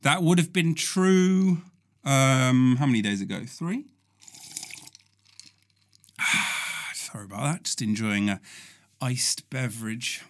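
A man's voice: medium pitch, takes it slowly, long pauses. A man hosting a comedy podcast, talking in a playful, self-mocking monologue from home in quarantine. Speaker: podcast host.

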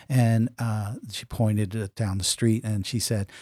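A man's voice: lowish voice, little pitch movement, unhurried, hardly any pauses, warm tone, no echo, clean studio sound. A man co-hosting a podcast, telling a long rambling anecdote in casual chat and acting out the dialogue he quotes. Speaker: podcast co-host.

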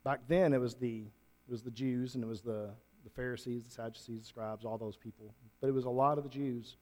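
A man preaching a sermon to a congregation, moving from quiet reflection to loud, emphatic peaks. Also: mid-range voice, fairly even intonation, a little fast. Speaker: pastor. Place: church room with congregation.

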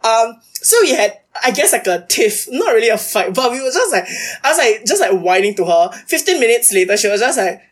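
A woman's voice: a little high, fairly quick, hardly any pauses. A young woman, a guest chatting in an interview and packing her talk with "like" fillers. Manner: chatty and animated, many "like" fillers. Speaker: podcast guest, university debater. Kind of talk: casual interview chat.

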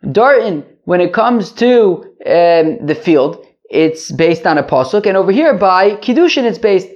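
A man's voice: high-pitched, lively intonation, a little slow, darkish tone, highs cut off. A man giving a daily Talmud lesson, explaining step by step and repeating phrases with rhetorical questions. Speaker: Talmud teacher.

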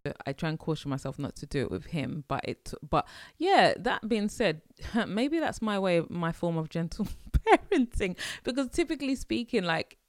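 A woman's voice: low-pitched, no echo, studio quality. A woman hosting her podcast, talking in a chatty, rambling way and laughing often. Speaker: podcast host. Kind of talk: casual monologue.

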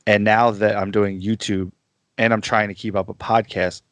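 A man chatting casually as a guest on a podcast, easygoing and quick to laugh at himself. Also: fairly low pitch, flat delivery, dry recording.

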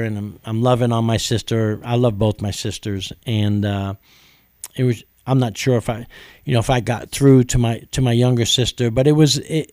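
A man from New York preaching, telling a personal testimony in an earnest, storytelling way with frequent pauses and fillers. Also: medium pitch, a little mellow, dry recording, clean studio sound. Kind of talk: testimony sermon.

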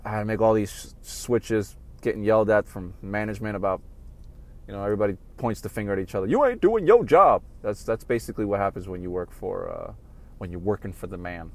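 A man hosting a podcast, ranting casually with lots of swearing, swinging from low mumbled asides to loud heated outbursts. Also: flat delivery, quick pace. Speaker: podcast host. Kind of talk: casual rant monologue.

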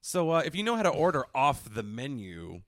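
A man co-hosting a comedy podcast, trading sarcastic deadpan jokes in casual chat. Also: mid-range voice, brisk, dry recording, studio quality. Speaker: podcast co-host.

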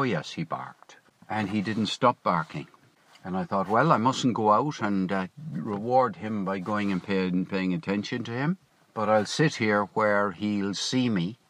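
A man's voice: on the low side, a bit bright. A man telling a long, rambling story to camera in a casual vlog, often correcting himself and drifting into asides, speaking from a parked car. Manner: chatty, digressive, self-correcting. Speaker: vlogger.

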